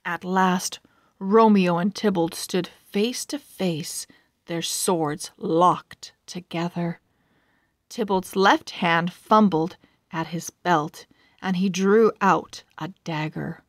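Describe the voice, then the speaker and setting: A woman reading a children's storybook aloud in a calm, measured way. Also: on the low side, dry recording, clean studio sound. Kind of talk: children's book read-aloud.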